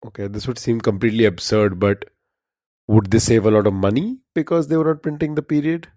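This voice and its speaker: Male trivia co-host, relaxed and chuckling, warm tone, dry close sound. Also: on the low side, brisk, dry recording. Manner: laughs often, easygoing. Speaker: podcast co-host. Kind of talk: casual trivia chat.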